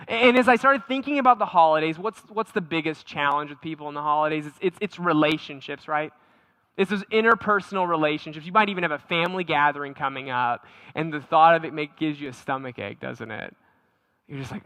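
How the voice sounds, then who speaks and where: A man preaching a lively, conversational sermon in a fairly high, bright and forceful voice. He repeats his words and keeps asking the congregation questions. The sound is dry and close. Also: a little fast, no room sound. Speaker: pastor.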